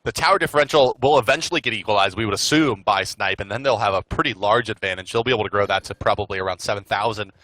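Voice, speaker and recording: Fast-talking guy co-casting a game match, jokey, sharp bright voice. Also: on the low side, dry recording. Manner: quick, jokey, excitable on plays. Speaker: esports caster. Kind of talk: color commentary.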